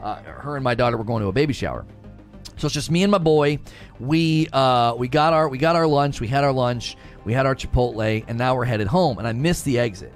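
A man in his thirties casually telling stories to his stream, animated and self-mocking, laughing often. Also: medium pitch, fairly quick, faint music behind. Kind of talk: casual storytelling to a live stream.

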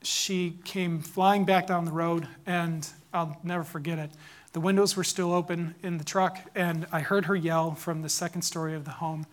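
A man in his thirties telling a personal story, growing loud and urgent as it builds. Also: high voice, fairly even intonation, moderate pace.

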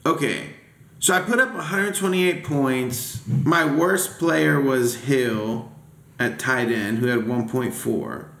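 A man chatting casually about football on a podcast, animated, swearing and venting. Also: mid-range voice, slow pace, vocal fry. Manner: animated, swears, vents and laughs. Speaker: podcast co-host. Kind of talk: casual sports chat. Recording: echoey room.

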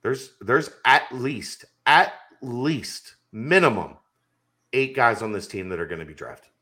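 A man's voice: medium pitch, expressive, unhurried, sharp tone. A man co-hosting a sports podcast, making his case emphatically in casual debate and rambling into stories. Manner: emphatic, insistent, rambling storyteller.

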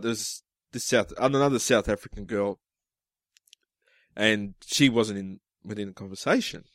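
A man's voice: fairly low pitch, a bit bright, no room sound. A man chatting on a podcast, telling stories in a rambling way and laughing often. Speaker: podcast co-host. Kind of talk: casual chat.

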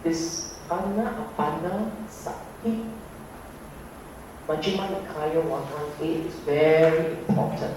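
A man teaching a meditation class, unhurried and emphatic with playful asides. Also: a little high, a little mellow, slight background noise. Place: hall with an audience. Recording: roomy hall, voice from a distance.

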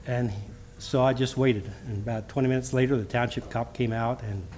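Halting man preaching a church sermon. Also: mid-range voice, steady tone, a little mellow, a little hiss or hum. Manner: halting, with frequent restarts; reads scripture in King James wording. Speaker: lay preacher. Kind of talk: church sermon with personal testimony.

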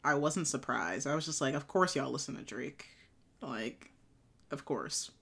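Low voiced young american woman, chill and wry, just chatting on a podcast. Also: a little slow, creaky, husky. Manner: relaxed, slangy, wry. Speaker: podcast co-host. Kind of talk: casual chat.

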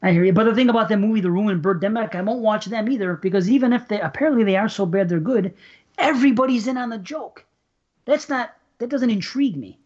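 A man from Buffalo hosting a podcast in casual chat, opinionated and profane. His voice is husky, and the recording sounds dull and lo-fi. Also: high-pitched, quick pace. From Buffalo, New York. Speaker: podcast host.

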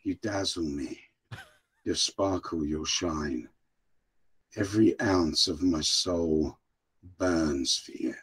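A man putting on the voice of a swooning romantic English gentleman, delivering slow, flowery courtly lines in a hushed tone. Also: low-pitched, husky, pitched below the performer's own voice, full character voice.

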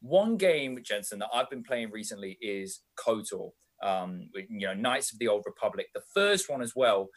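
Young guy, podcast co-host, lively and chatty. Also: lowish voice, normal speed, few pauses. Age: young adult. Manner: animated, chatty British slang. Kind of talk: casual chat.

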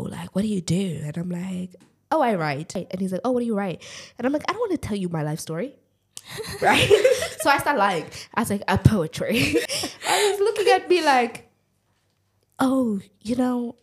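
Animated, laughing woman with husky voice. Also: medium pitch. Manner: animated storyteller, acts out quotes, laughs often. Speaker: podcast co-host. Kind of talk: casual chat, storytelling.

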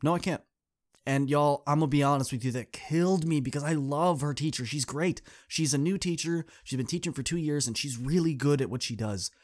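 A man who coaches students and hosts a podcast tells a story in a casual monologue, earnest and direct, speaking straight to his listeners and acting out quoted people with pitch shifts. His darkish voice moves fairly quickly, with hardly any pauses.

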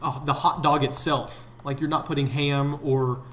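A young man guests on a casual podcast, arguing playfully in an easygoing way. His voice sits a little higher than most men's. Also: level tone, normal speed, a bit bright. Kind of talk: casual chat.

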